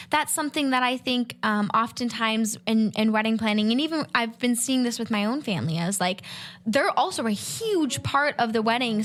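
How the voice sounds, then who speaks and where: A woman's voice: a little high, a bit bright. A young woman hosting a wedding-planning show, narrating and interviewing guests with effusive gratitude. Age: young adult. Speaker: host. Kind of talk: hosted podcast narration and interview.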